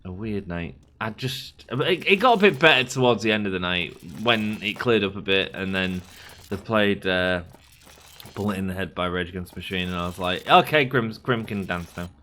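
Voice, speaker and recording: A man's voice: low-pitched, moderate pace, sharp tone. A man in his thirties, a gaming channel host, rambling through chatty anecdotes while playing, slightly sick. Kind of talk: casual let's play commentary.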